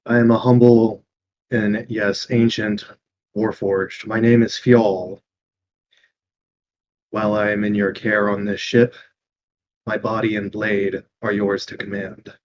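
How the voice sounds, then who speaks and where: A man's voice: lowish voice, level tone, slow pace, long pauses, highs cut off, a crowd in the background. A man voicing a humble, ancient warforged construct with stiff, dutiful formal speech.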